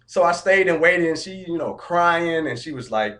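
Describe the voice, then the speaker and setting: A man's voice: a little high, expressive, moderate pace, a bit bright. Upbeat motivational man telling a story. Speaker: vlogger. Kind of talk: casual vlog update.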